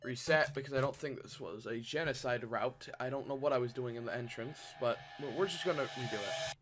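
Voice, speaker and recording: A man giving casual let's-play commentary, excitable and rambling, breaking into restarts and shouts. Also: medium pitch, a little fast, faint music behind. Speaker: gameplay channel host.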